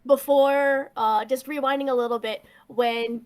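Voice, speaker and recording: A woman talks casually as a player in a tabletop role-play game. She hesitates and leans on fillers while she works out her moves. Her voice sits a bit high. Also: fairly even intonation, measured pace.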